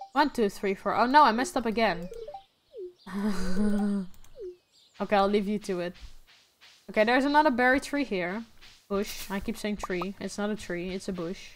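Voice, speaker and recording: A woman's voice: mid-range voice, slight background noise. A young woman streaming a game, keeping up a casual running commentary and often correcting herself. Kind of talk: casual gameplay chat.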